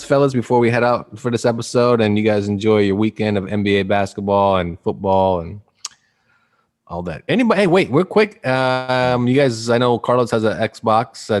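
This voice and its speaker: A man hosting a podcast in casual, rambling chat, joking and teasing his co-hosts. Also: medium pitch. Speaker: podcast host.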